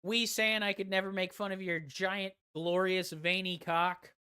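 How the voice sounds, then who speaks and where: A woman's voice: medium pitch, steady tone, takes it slowly, sharp tone, smooth. A woman streaming a game, chatting casually with her viewers in crude, profane, teasing banter. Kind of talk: casual gaming stream chat.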